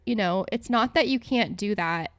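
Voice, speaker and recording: A young adult woman talks to her podcast listeners in a loose, rambling way, full of fillers and restarts. Her voice sits at an ordinary middle pitch. It is recorded close and dry, with no room sound. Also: moderate pace, a bit bright, dry recording. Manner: chatty, rambling, lots of "like" and self-corrections. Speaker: podcast host. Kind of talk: casual solo podcast monologue.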